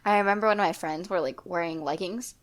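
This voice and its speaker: Hesitant low-voiced teen girl. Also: fast. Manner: hesitant, trails off, thinks aloud. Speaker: podcast co-host. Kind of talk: casual chat.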